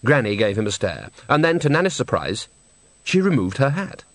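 A male audiobook narrator with a wry, expressive delivery. His pitch is middling but moves around a lot as he tells the story. The recording is dry and close. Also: normal speed, no room sound. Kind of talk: scripted narration.

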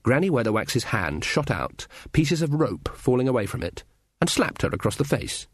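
A man narrating a fantasy audiobook in a measured, even storytelling manner, recorded close. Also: medium pitch, slightly rough, no room sound. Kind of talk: scripted narration.

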